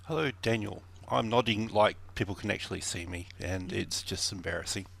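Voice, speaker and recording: A man's voice: lowish voice, a little fast, creaky, fairly bright tone. A man guesting on a podcast as quizmaster, reading trivia questions with a dry, wry manner.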